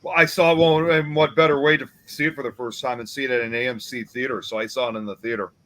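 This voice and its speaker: A man hosts a casual podcast about movies, talking in a chatty way and laughing through his points. His voice sits at an ordinary pitch for a man. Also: steady tone, fast, fairly bright tone, no room sound, poor audio. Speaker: podcast host. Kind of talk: casual chat about a film.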